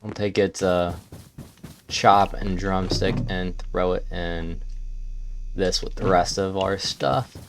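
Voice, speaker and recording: A man's voice: low voice, fairly even intonation, slow pace, vocal fry, slight background noise. A man casually thinking aloud as he plays a survival game. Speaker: gameplay streamer. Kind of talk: let's-play commentary. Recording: game music underneath.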